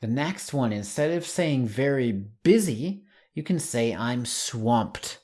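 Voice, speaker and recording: A man teaching an English lesson online, saying example words slowly and clearly. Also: medium pitch, expressive, darkish tone.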